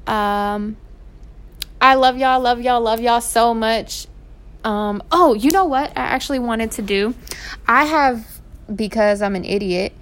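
A young woman, hosting her podcast and telling stories in a casual, animated way. She laughs often and swears freely. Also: mid-range voice, clear, resonant tone. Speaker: podcast host. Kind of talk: casual storytelling. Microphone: home recording setup.

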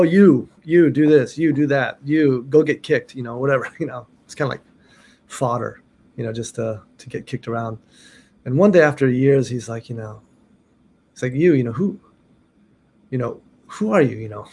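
A middle-aged man telling a story about his martial arts training in a loose, rambling way, full of restarts and "you know". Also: mid-range voice. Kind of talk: casual storytelling.

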